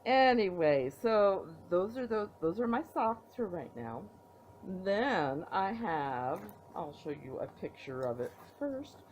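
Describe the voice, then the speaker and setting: Speaking slowly with big pitch swings, a middle-aged woman with a low, slightly mellow voice hosts a knitting podcast from home. Tired and yawning, she rambles through a casual show-and-tell with playful project reveals. Her tablet recording is poor, with a little hiss or hum.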